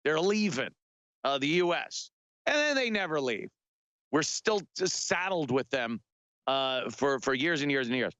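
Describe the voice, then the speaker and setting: High, bright-voiced mocking radio host man. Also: animated, a little slow, dry recording, lo-fi sound. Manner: mocking, rambling, lots of filler words. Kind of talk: sarcastic talk radio monologue.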